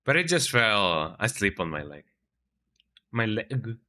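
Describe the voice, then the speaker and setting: Chatty man with a bright, forceful voice. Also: lowish voice, sing-song, slow pace. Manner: rambling, chatty, tags sentences with "eh?". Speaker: streamer. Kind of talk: casual gameplay commentary. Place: home, at a computer.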